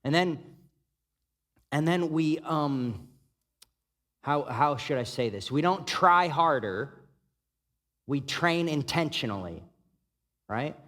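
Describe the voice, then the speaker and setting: A man's voice: a little high, animated, slow pace, long pauses, fairly bright tone. A man preaching a sermon as pastor, in a casual, conversational way, often asking "right?" and acting out the thoughts of his listeners. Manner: conversational preaching, many rhetorical "right?" checks, acts out inner thoughts. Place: church hall. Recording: long hall reverb.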